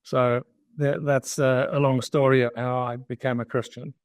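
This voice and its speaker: A man's voice: mid-range voice, level tone, normal speed, dry recording. An older man, a podcast guest, telling a long personal story in conversation and acting out the dialogue he quotes. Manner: anecdotal, acts out quoted dialogue. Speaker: guest entrepreneur.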